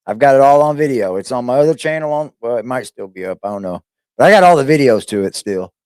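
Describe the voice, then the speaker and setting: A man's voice: medium pitch, animated, fast, darkish tone, no echo, studio quality. A man giving loose, profane, rambling reaction commentary on a stream, full of slang.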